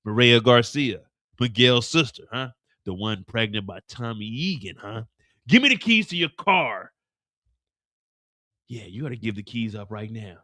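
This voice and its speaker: A man voicing a cocky male hitman who threatens in a slow, taunting drawl, his voice dropped low. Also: expressive, sharp tone, no room sound, clean studio sound.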